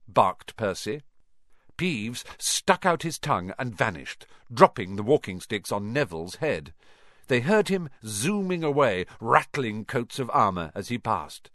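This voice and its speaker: A man narrates a storybook with expressive, animated reading. His pitch moves freely and lively through each sentence, at a middling register. The sound is dry and close to the mic. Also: a little slow, no room sound. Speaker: audiobook narrator.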